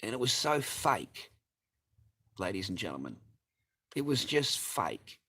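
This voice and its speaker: Speaking a little slowly in a fairly low voice that swings widely in pitch, this middle-aged vlogger sounds bright and forceful with a breathy edge. In a long, angry rant to camera he vents his grievances, swears freely, goes over the same points again and again, and keeps appealing to his viewers.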